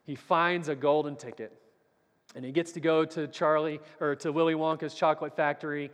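Brief: earnest male preacher, higher voice, church hall with long reverb. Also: level tone, normal speed. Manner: storytelling, earnest, swings from loud to very soft. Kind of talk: Sunday Bible class sermon.

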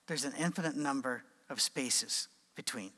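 A man preaching an informal sermon, conversational with animated asides and acted quotes. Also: medium pitch, normal speed, long reverb tail.

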